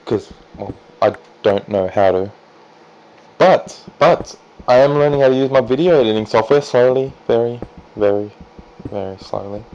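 A man casually commentating his own gameplay, chatty and self-deprecating, jumping into excited high yelps. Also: normal speed, highs cut off. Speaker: let's play gamer.

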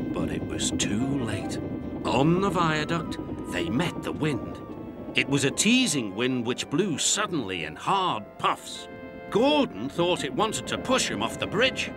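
A man giving scripted, expressive storybook narration for children. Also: mid-range voice, unhurried. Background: music.

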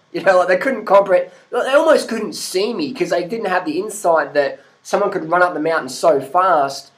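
A man's voice: high voice, rough recording. A middle-aged man from Australia, ranting casually to camera and swearing freely as he laughs at other people. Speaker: vlogger.

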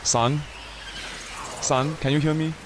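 Doting dad, put on by a man, slightly high voice, coaxing and tender, noisy voice chat. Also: fairly even intonation, slow pace. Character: doting fatherly dad addressing his son.

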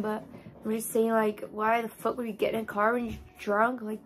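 A young female vlogger, obviously drunk, chats through a makeup session in a loose, rambling way full of casual swearing. Her voice is a little high and meandering, with a flat delivery at a moderate pace.

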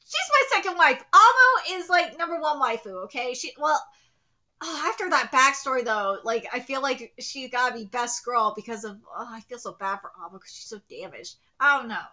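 A woman's voice: high voice, lively intonation, moderate pace, pushed and bright, muffled recording. A woman streamer gushing and exclaiming as she reacts live to a manga chapter.

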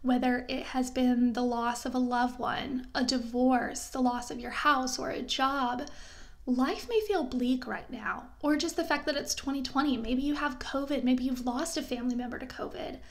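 A woman's voice: sits high, fairly even intonation, normal speed. A young woman vlogger speaking heartfelt and reassuring words straight to her viewers, getting emotional at times. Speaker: lifestyle vlogger. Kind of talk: heartfelt talk to camera.

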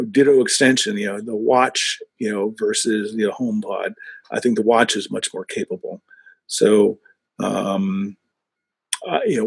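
A man speaking as a guest in a casual tech discussion, halting and full of "you know" fillers. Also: on the low side, gravelly, a little mellow, slightly rough, dry recording. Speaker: podcast guest.

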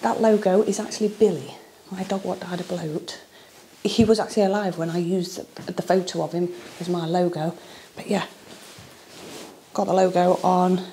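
A woman's voice: medium pitch, warm tone, slight background noise. A middle-aged woman chatting casually as a dog groomer, rambling and homely about her DIY project. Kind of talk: casual DIY vlog chat.

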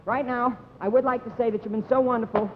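A young man hosting a live comedy TV show, delivering announcements in a mock-earnest pitchman manner. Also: steady tone, fast, long reverb tail, a little hiss or hum. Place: TV studio stage before an audience. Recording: dull 1950s TV broadcast with loud studio audience.

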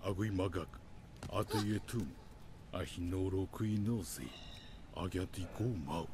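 An actor playing an older male narrator who speaks an invented tongue in a slow, solemn chant. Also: low-pitched, noisy background. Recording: game audio heard from a distance with loud sound.

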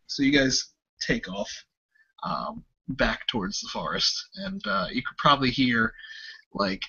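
A man's voice: mid-range voice, big pitch swings, measured pace, sharp tone, breathy edge. A man narrating a tabletop game as game master, in a loose, filler-heavy way. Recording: dull lo-fi recording.

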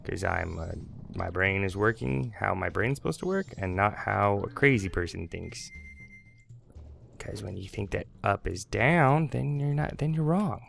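A man's voice: lowish voice, lively intonation, measured pace, creaky, faint music behind. A young man hosting a let's play, rambling and joking as he talks to the game and his viewers. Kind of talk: casual gameplay commentary.

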